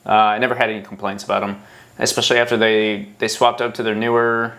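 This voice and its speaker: A man's voice: on the low side, little pitch movement, fast talker, fairly bright tone. A man hosting a motorcycle podcast, talking in a loose, rambling way with frequent restarts. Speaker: podcast host. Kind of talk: casual podcast chat.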